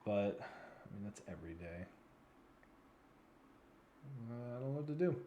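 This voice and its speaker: A man's voice: on the low side, lively intonation, unhurried, warm tone, roomy sound, muffled recording, a little hiss or hum. A man in his twenties giving rambling, frustrated commentary as a news vlogger, sounding weary and yawning now and then. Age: 20s.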